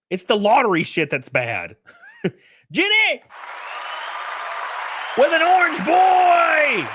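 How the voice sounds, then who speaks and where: A man's voice: fairly high pitch, heavy background noise. A young man giving loose, profane, rambling live-stream commentary.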